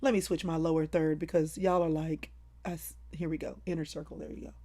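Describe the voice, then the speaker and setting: A woman with a deep voice hosts a casual live stream from home, talking briskly to viewers in an animated, playful, over-the-top way.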